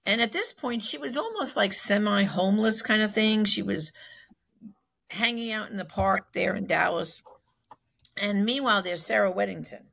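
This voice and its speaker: Gravelly, husky woman telling a story. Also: medium pitch, moderate pace. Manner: animated, acts out quoted speech, frequent fillers. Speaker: speaker recounting a personal acquaintance's story. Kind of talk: conversational storytelling.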